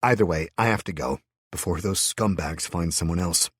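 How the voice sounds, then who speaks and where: A man's voice: deep voice, moderate pace, slightly rough, no echo. A man voicing the young hero of an audiobook, who speaks in a wry, reassuring way.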